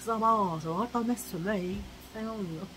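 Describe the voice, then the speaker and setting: This casual vlog, recorded roughly with a little hiss or hum, features a woman with a mid-range, slightly bright voice at a moderate pace. She rants cheekily to camera, chatty and opinionated, slipping into old-fashioned voices.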